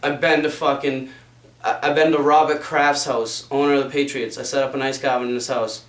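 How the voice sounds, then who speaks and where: A man's voice: medium pitch, little pitch movement, brisk. A young man delivering an impassioned, profanity-laced rant to the camera in a fervent, preachy way. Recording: roomy sound from a distant mic.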